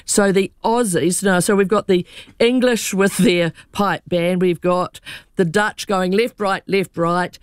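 A woman's voice: lowish voice, a little slow, smooth, no room sound, studio quality. Chatty New woman panelist, laughing. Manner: animated, laughing storyteller. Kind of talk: chatty radio panel talk.

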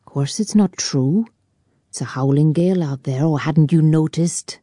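A woman's voice: sits low, unhurried, dark tone, dry recording, clean studio sound. A woman voicing a nervous young male emigrant who talks defensively and pleads.

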